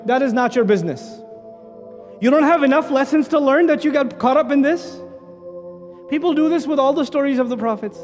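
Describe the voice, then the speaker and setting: A man giving an animated religious lecture, firing off rhetorical questions with a teasing edge. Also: very high-pitched, long reverb tail. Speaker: Islamic lecturer.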